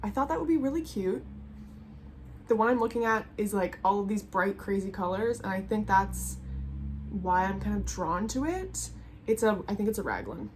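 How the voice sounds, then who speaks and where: A young woman chats at home in front of her closet, rambling and enthusiastic as she vlogs. Her voice sits at an ordinary middle pitch, and she talks loosely, with plenty of asides and trailing thoughts. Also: expressive, moderate pace, a little hiss or hum. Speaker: knitting vlogger. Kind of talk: casual chat. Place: home room with colorful closet behind.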